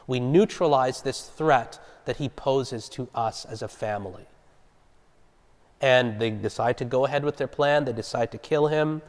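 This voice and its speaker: A man's voice: medium pitch, normal speed. Man teaching a Bible study in a reverberant hall. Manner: conversational, explaining and asking the group questions. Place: church hall. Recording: long reverb of a large hall.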